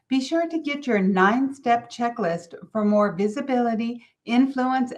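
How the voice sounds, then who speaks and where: A middle-aged woman from California hosting a motivational business podcast, telling a family story with lively, animated delivery. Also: medium pitch. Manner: storytelling, animated, quotes others in character. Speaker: podcast host.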